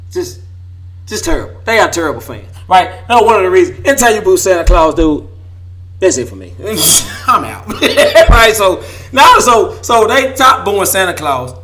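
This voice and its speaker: A man from Memphis, hosting a casual sports talk show, hoarse from losing his voice and trash-talking with bursts of laughter. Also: sits high, bright, forceful tone. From Memphis, Tennessee. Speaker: host.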